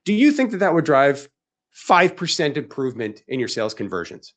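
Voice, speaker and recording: A man's voice: fairly high pitch, very animated, brisk. A man hosting a live webinar, talking in an emphatic, rhetorical way and firing off questions that he answers himself. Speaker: webinar host.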